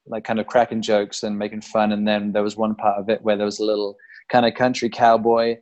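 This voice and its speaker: A man's voice: on the low side, brisk, highs cut off. A man with a British accent chatting as a podcast guest, rambling loosely with lots of fillers and easy laughter. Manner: relaxed, rambling, laughs easily, many fillers. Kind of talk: casual chat.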